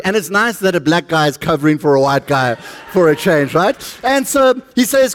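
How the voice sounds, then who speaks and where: A man's voice: fairly high pitch, lively intonation, normal speed, a little hiss or hum. A middle-aged man with a South African accent preaching a sermon, chatty and joking with the congregation. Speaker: pastor.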